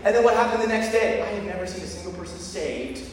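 A man preaching a sermon, telling stories with lively call-and-response to his congregation. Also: sits high, fast talker, a little hiss or hum. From Lancaster County, Pennsylvania. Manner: energetic, storytelling with call-and-response. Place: large hall with audience. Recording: echoey hall recorded from far off.

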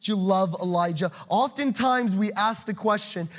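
A man preaching a passionate sermon, swinging between loud urging and quiet asides. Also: sits high, normal speed, few pauses.

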